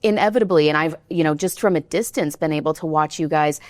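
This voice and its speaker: A woman's voice: deep voice, fast talker, darkish tone, no room sound. A woman interviewer asking long, winding questions in a studio, often checking in with "right?".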